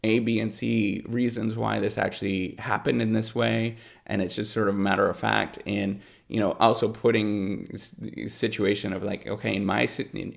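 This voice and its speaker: A man's voice: lowish voice, vocal fry. A middle-aged man, a professor, giving rambling unscripted advice with lots of fillers and repeated words. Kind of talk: unscripted advice talk to camera.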